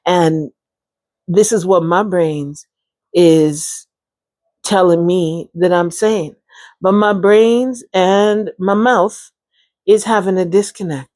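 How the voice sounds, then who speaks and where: A woman tells her own story in a relaxed, chatty way, laughing often and talking straight to her listeners. Her voice sits a little low, and she speaks slowly with plenty of pauses. The sound is dry and close, with no room echo. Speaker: vlogger sharing her brain injury recovery. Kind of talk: casual personal storytelling to camera.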